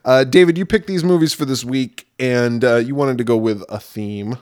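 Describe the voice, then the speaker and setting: A man's voice: mid-range voice, normal speed, darkish tone. A man hosting a casual horror podcast, joking and laughing often and slipping into goofy impressions. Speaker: podcast host. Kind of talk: casual comedic chat.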